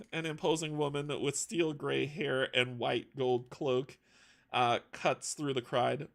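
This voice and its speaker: Male GM, raspy-fry tone, casual read-aloud narration. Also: medium pitch, flat delivery, slow, a bit bright. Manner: reads aloud with stumbles and laughing asides. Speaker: game master. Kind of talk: reading scripted narration for a tabletop game.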